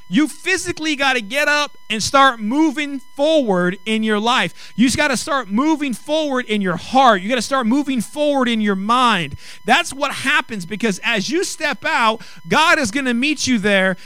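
A man preaching a sermon, emphatic, rising to loud, drawn-out phrases on key lines. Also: very high voice, clear, resonant tone, no room sound.

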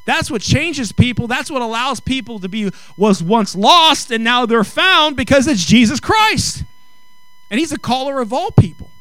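A middle-aged male pastor preaching a sermon with comic storytelling, animated and acting out dialogue. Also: very high-pitched, moderate pace, no echo, low-quality recording. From Mexican heritage. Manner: animated, acts out quoted dialogue, rising to exclaim.

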